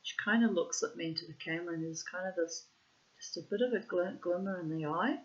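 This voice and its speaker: A woman's voice: on the low side, a little fast. A woman telling a family story in a casual vlog, with dramatic, profane, self-assured storytelling and dull lo-fi audio.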